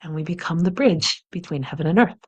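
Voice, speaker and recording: A woman leads a guided meditation in a calm, gentle manner, her voice sitting a little low. She often lets her words drop to a soft, quiet hush as she breathes along with the listener. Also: brisk, slightly rough, muffled recording. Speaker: meditation and wellness instructor.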